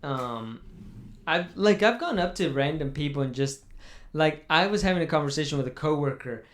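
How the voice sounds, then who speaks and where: A man's voice: a little high, animated, moderate pace. A young man hosting a casual chat, rambling and swearing in mock mourning. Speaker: podcast host.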